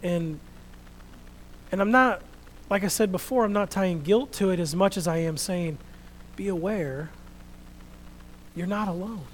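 Man preaching, slightly high voice, earnest and quiet, faint hum behind. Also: measured pace, pauses often, low-quality recording. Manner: reads scripture loudly, then speaks quietly and reflectively. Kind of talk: sermon with scripture reading.

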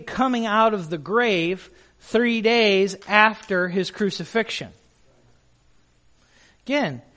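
A man's voice: sits high, fairly bright tone. A male pastor preaching a sermon in an emphatic way, putting questions to the congregation.

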